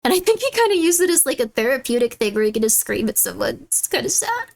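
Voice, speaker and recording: Chatty streamer woman with a higher voice. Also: quick pace, gravelly. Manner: chatty and animated, laughs often, loud shrill bits when mocking someone. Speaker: streamer reacting to videos and chat. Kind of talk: casual live-stream chat.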